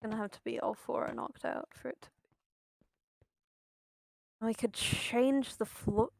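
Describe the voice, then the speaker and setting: Casual hesitant young woman gamer, a bit high-pitched, dry close sound, chatting to chat as she builds. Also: steady tone, measured pace, creaky, no echo. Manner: thinking aloud, hesitant, chatting to viewers. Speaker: streamer. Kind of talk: casual commentary while playing a building game.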